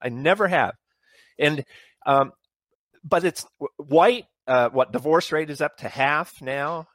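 Fired-up man with a lively, dry voice. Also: medium pitch, dry recording. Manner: impassioned, builds on repeated questions. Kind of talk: opinionated talk.

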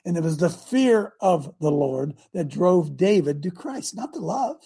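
Sitting high with big pitch swings, this older male host delivers a fiery live-show sermon in a dark, husky, unhurried voice. His preaching is emphatic and exclamatory, and he keeps calling on the audience to respond.

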